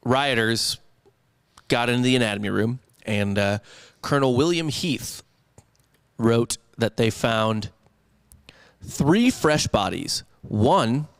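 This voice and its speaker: A man's voice: mid-range voice, slow pace, smooth. A young man casually telling a history story on a comedy podcast, rambling and profane, sometimes slipping into put-on voices.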